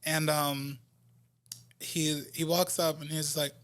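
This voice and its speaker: A man from New Jersey, an R&B singer, telling stories as a guest in a casual interview, animated and laughing often. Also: a little high, measured pace.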